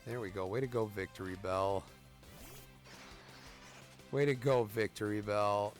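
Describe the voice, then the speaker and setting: A man's voice: fairly low pitch, unhurried, faint music behind. A man in his thirties doing let's play commentary as a gaming streamer, cursing freely and ranting at the game. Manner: profane, ranting, trash-talks the game.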